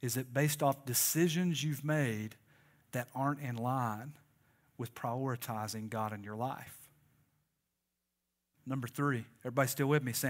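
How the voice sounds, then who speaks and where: A man's voice: medium pitch, measured pace, pauses often. A man preaching a sermon, conversational and joking and calling on the congregation to respond. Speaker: pastor.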